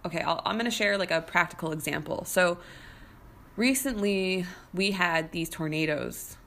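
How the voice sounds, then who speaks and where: A young woman telling a story in a casual monologue, animated and chatty, with many fillers and restarts. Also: lowish voice.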